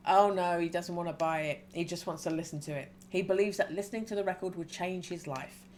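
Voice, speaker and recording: A woman gives voice to a jovial middle-aged biker who owns a record shop, in a story game. He talks in a hearty, easy way, and the voice sits fairly low. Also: fairly even intonation, a little fast, darkish tone, a little hiss or hum, natural voice. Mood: chatty.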